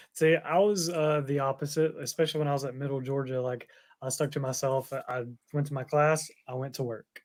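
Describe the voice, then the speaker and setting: A man's voice: mid-range voice, steady tone, normal speed. Young male podcast co-host, rambling delivery full of "like", mid-range voice. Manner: rambling, filler-heavy, with frequent "like". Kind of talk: casual chat.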